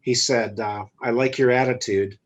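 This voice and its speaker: The recording is muffled as a guest entrepreneur recounts a personal story in a casual interview. He speaks in a mid-range voice at a moderate pace, bluntly acting out the quoted dialogue in an animated way.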